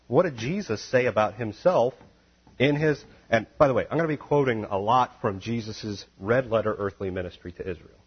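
A man preaching a sermon, reading scripture calmly, then building to loud, emphatic, high-pitched exhortation. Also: normal speed, slightly rough. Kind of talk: impassioned sermon. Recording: dull lo-fi recording.

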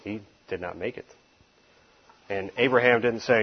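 A man's voice: fairly low pitch, normal speed, husky, lo-fi sound. A man preaching through a Bible passage in an emphatic, folksy way, with wry asides. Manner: emphatic, folksy, sometimes laughs at his own asides. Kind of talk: expository Bible teaching.

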